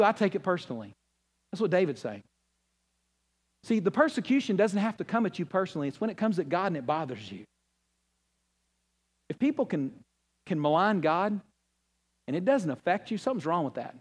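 A man preaching a sermon in a folksy, conversational way, acting out quoted voices and swinging from loud high bursts to low hushed lines. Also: sing-song, fairly quick. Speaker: pastor.

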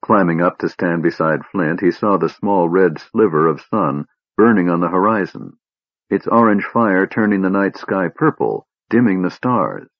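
A man narrating a fantasy audiobook with animated storytelling. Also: low voice, normal speed, no echo. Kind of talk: scripted narration. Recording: dull dry lo-fi recording.

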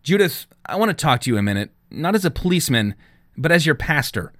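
A fatherly small-town police chief, played by a male reader. He speaks gently and with deep feeling, with a lively pitch. The sound is dry and close. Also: quick pace, no echo. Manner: gentle, emotional.

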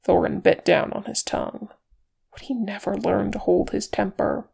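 A reader narrating a fantasy chapter in an even, unhurried storytelling manner. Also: medium pitch, vocal fry, slightly rough. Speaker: audiobook reader. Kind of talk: fan fiction narration.

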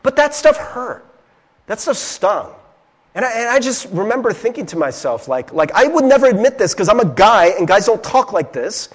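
High, animated young preacher from Ohio. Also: male voice, fairly quick, slightly rough. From Ohio, USA. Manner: earnest, confiding, keeps checking in with "right?". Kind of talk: conversational sermon.

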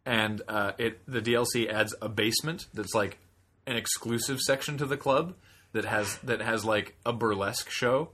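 Young male co-host, low bright voice, loose rambling chat with laughs. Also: steady tone, normal speed. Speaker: podcast co-host. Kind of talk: casual chat.

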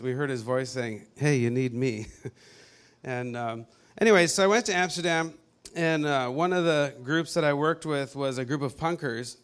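A man casually telling a personal faith story, animated and often laughing as he acts out what people said. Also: on the high side, smooth.

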